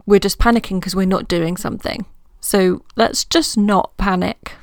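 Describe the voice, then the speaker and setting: A woman coach hosting her own podcast, talking through ideas in a gentle, reassuring way, as if thinking aloud. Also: medium pitch, steady tone, normal speed, dry recording, clean studio sound. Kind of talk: reflective solo podcast talk.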